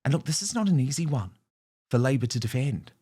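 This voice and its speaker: A man's voice: mid-range voice, expressive, brisk, dark tone, husky. A man hosting political commentary, scornful and punchy, mocking his targets. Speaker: host.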